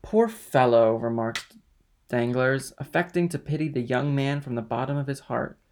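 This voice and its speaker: A man narrating a classic novel in a steady, even storytelling manner. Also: mid-range voice, normal speed, a little hiss or hum. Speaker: audiobook narrator. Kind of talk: scripted narration.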